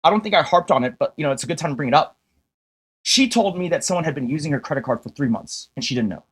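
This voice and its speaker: A man's voice: fairly high pitch, lively intonation, fast talker, slightly rough. Exasperated swearing male streamer. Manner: heavy swearing, exasperated and combative; addresses viewers directly with rhetorical questions. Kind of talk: ranting livestream monologue.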